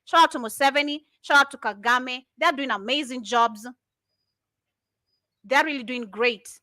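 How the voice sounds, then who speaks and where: Fiery, high, bright-voiced woman. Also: moderate pace, dry recording. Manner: fiery, indignant, rhetorical questions. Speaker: commentator reacting to videos. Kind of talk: impassioned commentary.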